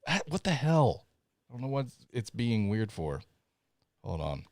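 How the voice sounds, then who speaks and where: Unhurried and sing-song, a medium-pitched man with a darkish tone and Southern accent hosts a casual live podcast stream, apologizing and laughing a lot as he fixes tech. The recording is dry.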